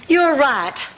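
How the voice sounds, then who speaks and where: A woman playing a vain, flirtatious sitcom character who talks in a breathy, theatrical way. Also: sits high, pushed and bright, exaggerated voice. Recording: hissy TV sitcom clip.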